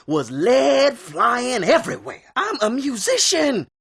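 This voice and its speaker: A husky, genteel frontier musician in a Western video game. He talks in quaint old-time slang with courtly politeness, and his pitch swings lively up and down. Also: takes it slowly, exaggerated voice. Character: genteel, folksy male Old West saloon musician. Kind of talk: video game character barks.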